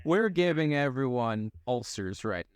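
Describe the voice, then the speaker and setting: A young man co-hosting a podcast in casual chat, rambling and halting, swearing freely. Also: medium pitch, animated, clear, resonant tone. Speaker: podcast co-host.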